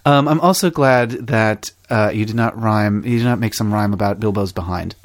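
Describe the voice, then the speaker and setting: A man's voice: on the low side, normal speed, dry recording. Chatty rambling podcast host man. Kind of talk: casual chat.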